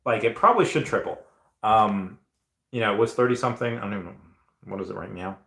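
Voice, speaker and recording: A man's voice: on the low side, quick pace, vocal fry, a bit bright. A man hosting a casual livestream, reading out viewer comments in a rambling, enthusiastic way with many fillers and restarts. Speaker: livestream host. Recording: roomy echo.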